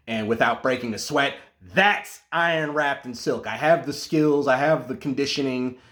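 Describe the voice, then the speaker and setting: A man giving a casual, animated monologue about martial arts, full of asides and restarts. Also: medium pitch.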